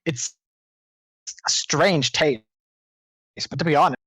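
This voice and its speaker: A man's voice: a little high, takes it slowly, fairly bright tone, husky, dry recording. A man playing a tabletop game, speaking in a dry, matter-of-fact way. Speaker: player.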